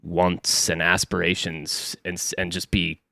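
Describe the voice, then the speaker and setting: A man's voice: deep voice, monotone, measured pace, gravelly, pushed and bright, dry recording, clean studio sound. A man co-hosting a podcast, laid-back, mostly giving short agreeing replies and the odd question. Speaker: podcast co-host. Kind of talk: casual podcast interview.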